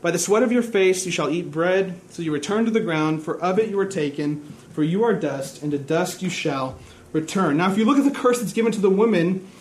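A man preaching a sermon in a church, earnest and measured, dropping to a hushed tone in reflective stretches. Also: sits high. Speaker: pastor.

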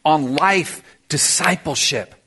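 A man preaching a sermon to his church congregation, energetic and emphatic, with punchy exclamations. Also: on the high side, slow, breathy edge. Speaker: pastor. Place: church service before a congregation.

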